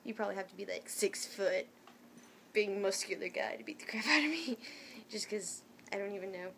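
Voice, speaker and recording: A young woman tells a story to her viewers in a chatty, animated way, full of fillers and quick restarts. Her voice sits at an ordinary middle pitch, with a faint hiss in the background of the recording. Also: gravelly. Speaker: vlogger telling a story. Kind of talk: casual storytime rant.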